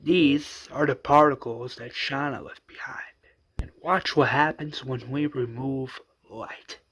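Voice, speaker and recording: A man's voice: medium pitch, unhurried, fairly bright tone, a little hiss or hum, natural voice. A man voicing a brainy male scientist who explains a plan in a matter-of-fact way. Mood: explaining.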